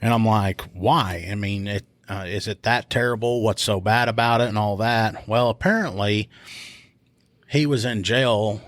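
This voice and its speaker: A man's voice: on the low side, a little slow, dry recording. A man, a police officer telling stories casually on a podcast and acting out what people said. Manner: animated retelling, acts out quotes in raised voice. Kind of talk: casual storytelling. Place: podcast studio.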